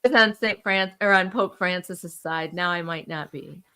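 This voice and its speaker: Bright, teasing woman podcast host. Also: lowish voice, normal speed, clean tone. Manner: teasing, giggly. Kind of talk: casual chat.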